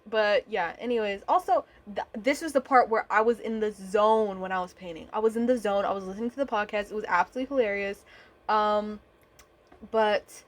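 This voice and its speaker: A young woman vlogger chatting casually over painting footage, rambling and swearing, with lots of fillers. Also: medium pitch.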